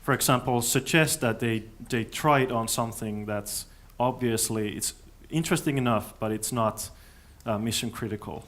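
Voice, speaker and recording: Guy at a conference answering questions, mid pitch, keeps restarting his sentences, thinking as he goes. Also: a bit bright. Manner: thoughtful, halting, with many restarts. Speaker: conference speaker. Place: conference hall.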